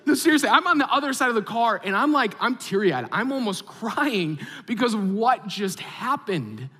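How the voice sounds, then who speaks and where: A man in his thirties preaching a sermon as a pastor, telling a story with animated, acted-out reactions. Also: sits high, normal speed, husky. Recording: long hall reverb.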